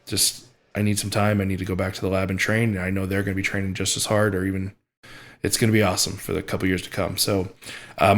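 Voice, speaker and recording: A young adult man, a strongman athlete, recapping a competition in an emotional vlog, speaking haltingly with many fillers and restarts, choked up and near tears. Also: deep voice.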